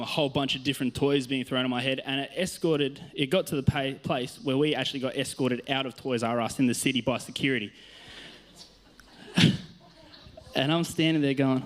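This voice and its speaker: A man's voice: mid-range voice, fairly bright tone. An Australian man, a youth worker, telling stories in a casual sermon on a church stage, chatty and self-mocking, laughing often.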